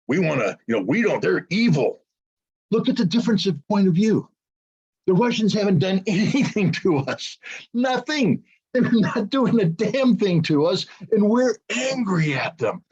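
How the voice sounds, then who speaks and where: A man's voice: high-pitched, a little mellow, slightly rough, highs cut off. A middle-aged American man giving an impassioned commentary monologue, emphatic and full of rhetorical questions and repetition. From United States. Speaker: geopolitical commentator.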